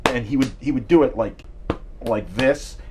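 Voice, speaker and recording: A man's voice: medium pitch, normal speed, noisy background. A middle-aged man hosting a live stream, telling rambling self-deprecating stories and answering viewer comments. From New York City area. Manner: digressive storyteller, chatty, self-deprecating, reads viewer comments aloud. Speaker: livestream host.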